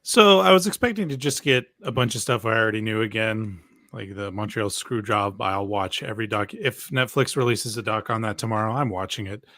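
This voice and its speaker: A man's voice: fairly low pitch, fairly quick, few pauses, bright, forceful tone, no echo, studio quality. A middle-aged man from Canada, a podcast guest chatting casually and acting out quotes in mock voices.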